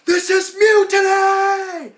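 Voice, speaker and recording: A man voicing a blustering, hot-tempered middle-aged male cartoon wolf, shouting in a shrill voice. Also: a little slow, distant mic, exaggerated voice. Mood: bellowing. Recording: roomy echo.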